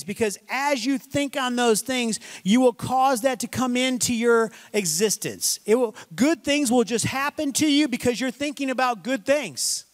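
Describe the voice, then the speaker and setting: A man's voice: extremely high pitch, lively intonation, moderate pace, few pauses. A man preaching a sermon as pastor, emphatic and folksy, repeating words for stress.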